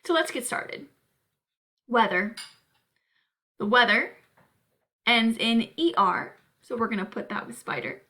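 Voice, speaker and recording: Woman teacher, recorded lesson; unhurried delivery, bright clear tone. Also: fairly high pitch, expressive. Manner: slow, clear, deliberate teacher talk.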